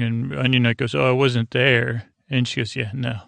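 A man's voice: mid-range voice, flat delivery, moderate pace, vocal fry, fairly bright tone, no room sound. A man hosting a podcast, casually recapping a TV episode in a rambling way, full of fillers and restarts. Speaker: podcast host.

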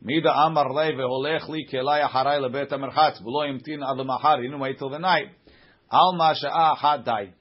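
A man leads a Talmud class, reading each line aloud and then explaining it in plain, conversational English. His voice is slightly husky. The recording is dull and lo-fi. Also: mid-range voice, steady tone, fairly quick. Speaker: Talmud teacher.

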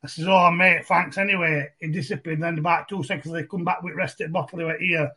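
A man's voice: fairly high pitch, fairly even intonation, fast talker, a bit bright, husky. A middle-aged man with a broad Barnsley Yorkshire accent, telling his story as a podcast guest in a chatty, rambling way. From England. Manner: broad, chatty, repeats and restarts phrases. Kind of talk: casual storytelling conversation.

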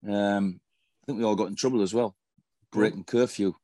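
A man's voice: on the low side, steady tone, moderate pace, dark tone, no room sound. A middle-aged man, a former footballer telling profane anecdotes in a casual interview. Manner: profane, storytelling, swears constantly.

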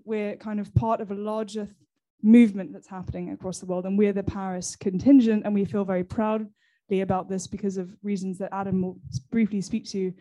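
A woman's voice: medium pitch, warm tone. An English woman hosting a live library event, chatty and laughing, with many fillers and restarts. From England. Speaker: host, library programs manager.

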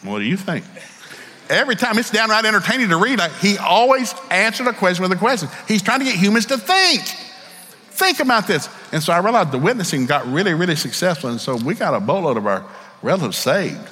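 A man's voice: sits high, sing-song, fast, bright, forceful tone, in a large hall. A middle-aged man with a Southern American accent, preaching a storytelling sermon in a folksy, candid way and acting out the voices in his stories. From Southern United States.

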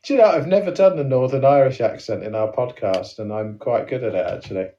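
A man's voice: mid-range voice, fast, dark tone. A man co-hosting a comedy podcast, rambling and hesitant in a playful chat. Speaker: podcast co-host. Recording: dull, distant podcast audio.

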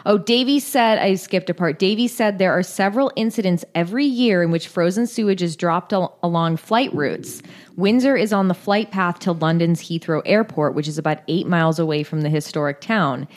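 A woman's voice: on the low side, moderate pace. A woman co-hosting a casual podcast, reading news stories aloud in a blunt, swearing, laugh-filled way. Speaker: podcast co-host.

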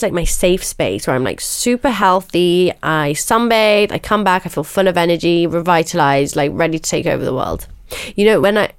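A woman's voice: fairly low pitch, dry recording. Young woman, super chatty storytelling, says like a lot, dry close mic. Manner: chatty, animated, peppers speech with "like", swears casually. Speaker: podcast host, guest being interviewed. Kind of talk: candid storytelling.

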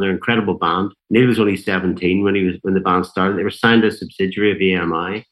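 In a casual storytelling interview, a middle-aged Northern Irish musician tells long, rambling stories packed with fillers and the voices of people he's quoting. His voice sits low with a slightly bright edge, and the recording quality is poor.

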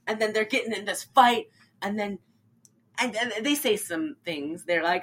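Bright, animated woman retelling a film. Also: medium pitch, moderate pace. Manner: animated, acts out lines in funny voices, laughs often. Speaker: podcast co-host recapping a film. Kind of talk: casual chat.

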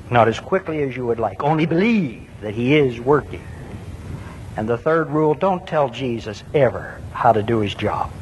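A man preaching a sermon, earnest and emphatic, with rhetorical questions and repeated words. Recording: long reverb with faint low rumble.

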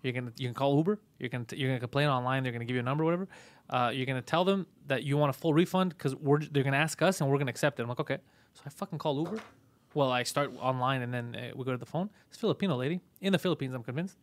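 A man hosting a casual podcast, telling a profane, animated story full of acted-out quotes. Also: medium pitch, rapid-fire, dry recording. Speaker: podcast host.

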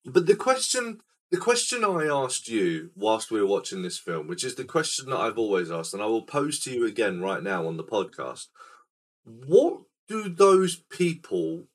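A man's voice: mid-range voice, very animated, normal speed. A man hosting a casual film podcast, rambling and quizzical as he recaps a scene. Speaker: podcast host. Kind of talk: casual film-review chat.

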